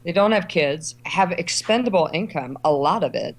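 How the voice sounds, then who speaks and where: Lowish in pitch and normal in speed, her voice carries an animated storytelling style. The middle-aged travel writer and editor, from Ohio and Kentucky, is guesting on an interview and performs the voices of people she quotes.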